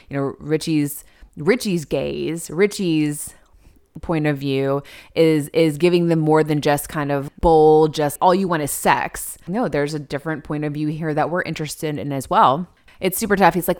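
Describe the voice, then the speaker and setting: A woman co-hosting a podcast in casual chat, retelling a TV episode in an animated way and acting out the characters' lines. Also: low-pitched, normal speed. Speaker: podcast co-host.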